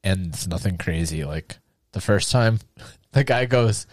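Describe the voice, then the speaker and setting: A man's voice: fairly low pitch, lively intonation, unhurried, no echo, clean studio sound. A man telling casual, profane travel anecdotes in a podcast chat, acting out the people in his stories.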